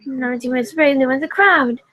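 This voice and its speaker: A pompous young English officer, smug and boastful, as a young woman puts him on in a lowered voice. It sits a little below her own high register but keeps a bright, sharp ring. This is an amateur fan dub voice performance. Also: moderate pace.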